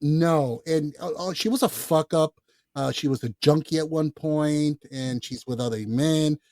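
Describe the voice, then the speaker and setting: A man co-hosting a podcast, talking casually about films in a blunt, profane, animated way. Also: fairly high pitch, unhurried, no room sound. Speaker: podcast co-host. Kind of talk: casual film chat.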